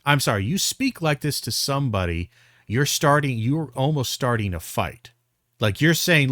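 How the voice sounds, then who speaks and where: Streamer, man, mid pitch, dry close sound, blunt and profane, exasperated commentary. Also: big pitch swings, normal speed, fairly bright tone, no room sound. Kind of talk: reaction commentary.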